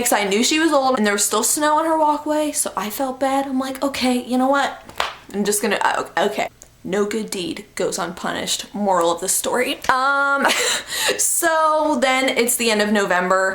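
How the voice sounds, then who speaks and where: A young woman vlogger telling a storytime in casual chat, animated, laughing often and acting out quotes. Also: mid-range voice. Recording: echoey room.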